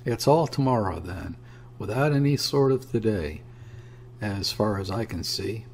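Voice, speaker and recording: A man voicing a boisterous, scornful young sailor who talks bluntly and roughly. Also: lowish voice, expressive, a little slow, darkish tone, slight background noise. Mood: blustering. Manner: blunt, offhand and rough-spoken.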